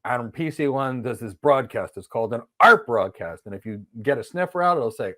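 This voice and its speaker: A man teaching an online training lesson, explaining ideas through lively storytelling with acted-out dialogue. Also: mid-range voice, moderate pace, hardly any pauses. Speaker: instructor.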